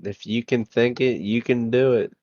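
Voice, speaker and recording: A man's voice: mid-range voice, steady tone, moderate pace, darkish tone, no echo. A man co-hosting a podcast in casual crude banter, laid-back and rambling with lots of fillers. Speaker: podcast co-host. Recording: dull dry lo-fi mic.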